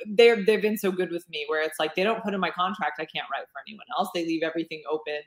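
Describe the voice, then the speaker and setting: A woman's voice: fairly low pitch, fast talker, reverberant. A woman author chatting in an interview, rambling with lots of fillers and restarts. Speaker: romance author. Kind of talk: casual interview chat.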